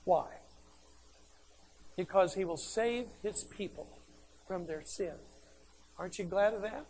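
A man's voice: sits high, slow pace, darkish tone, a little hiss or hum. A man preaching a sermon, emphatic and conversational, who asks questions and answers them himself.

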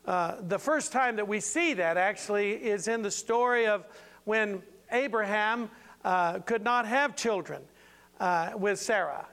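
A man's voice: sits high, a little slow, fairly bright tone, smooth. An older man preaching an informal sermon in a folksy, playful way with many asides.

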